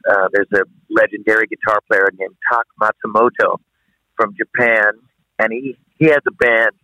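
A man's voice: on the low side, fairly even intonation, normal speed, bright, forceful tone, dry recording. A man, a guest rock singer, rambling loosely and laughing easily while on speakerphone in a car. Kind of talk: casual interview by phone. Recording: phone line from a car.

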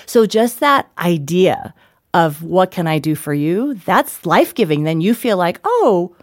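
Lively middle-aged woman telling stories. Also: on the low side, a little slow, dry recording, studio quality. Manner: animated storyteller, acts out dialogue, laughs often. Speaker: guest author. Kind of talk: interview chat.

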